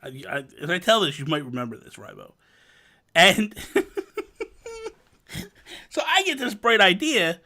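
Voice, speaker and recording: Young male podcast host; animated storyteller, slightly high voice, mock-grumpy. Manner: animated storyteller, laughs often, mock exasperation. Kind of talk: casual gaming podcast chat.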